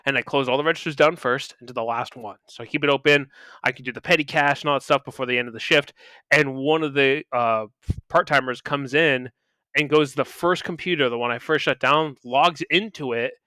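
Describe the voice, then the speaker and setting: Male podcast co-host, smooth and bright, dry close mic; loose, filler-heavy storyteller. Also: medium pitch, no echo. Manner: rambling anecdotes, filler-heavy. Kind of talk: casual chat.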